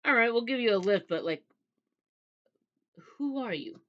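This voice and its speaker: A woman's voice: a little high, animated, moderate pace, dull audio, voice pushed up, lightly acted. A woman voicing a suspicious young male soldier from the 1940s who keeps pressing with insistent questions.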